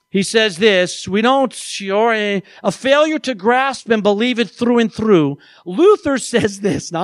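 A male pastor delivering a lively sermon in a high voice. He talks with a playful, animated manner and acts out quoted voices. His voice is close and dry, with no room echo.

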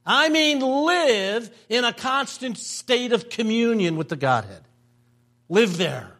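Animated high-voiced older male preacher. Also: slow pace. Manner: animated storytelling with emphatic repetition. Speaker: pastor. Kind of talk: sermon.

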